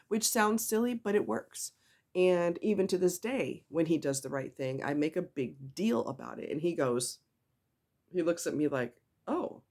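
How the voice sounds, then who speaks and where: A woman's voice: sits low, a little mellow. A woman giving blunt, emphatic, no-nonsense advice about owning a dog in a casual vlog, with the odd mild swear word.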